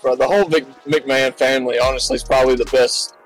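A man's voice: mid-range voice, fairly even intonation, quick pace, faint music behind. A young man co-hosting a podcast, chatting casually with blunt, slangy opinions. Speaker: podcast co-host. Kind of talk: casual chat.

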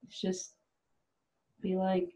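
A woman's voice: medium pitch, monotone, slow, mellow, poor audio. A woman from South Dakota hosting a podcast, chatting loosely and laughing as she acts out what people say. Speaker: podcast host. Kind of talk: casual chat.

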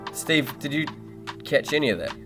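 A man's voice: fairly high pitch, lively intonation, moderate pace, over music. Boisterous joking podcast host man. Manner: boisterous, joking, swears freely. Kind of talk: casual podcast chat.

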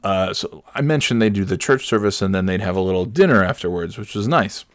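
A man's voice: deep voice, lively intonation, brisk, no echo, clean studio sound. A man telling a comic story in a profane, sardonic, rambling way.

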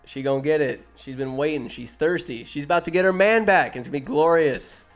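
A man casually recapping a movie scene by scene, talking fast and animated, with quick impressions of the characters. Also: fairly high pitch, soft background music.

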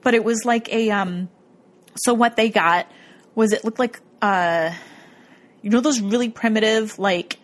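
At a measured pace and a fairly high pitch, a woman chats about an episode of a ghost-hunting show. She rambles casually, leans on "like" a lot, and laughs often.

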